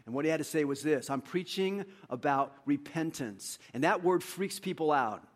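Animated male pastor preaching a sermon. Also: on the high side, moderate pace. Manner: animated, acts out quotes with big swings in loudness.

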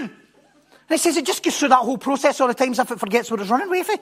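A man preaching a sermon, telling a story with animated repetition and stumbling restarts. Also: very high-pitched, fairly quick, pauses often.

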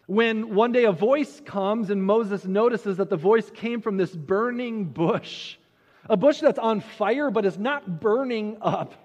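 A male preacher tells a story in a sermon and drops in personal asides. His voice sits very high, and a long reverb from the hall hangs behind each phrase. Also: measured pace, highs cut off. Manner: animated, retelling the story with asides.

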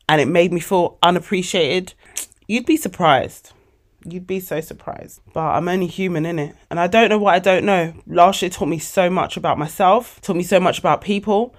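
A woman of forty, hosting a casual motivational podcast monologue, animated and emotional, calling her listeners babes. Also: lowish voice. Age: 40s. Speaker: podcast host.

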